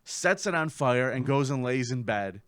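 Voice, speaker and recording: A man co-hosting a comedy podcast, telling a crime story in a profane, animated way and acting out the people in it. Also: mid-range voice, moderate pace, no room sound, clean studio sound. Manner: profane, animated, acts out quotes. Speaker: podcast co-host.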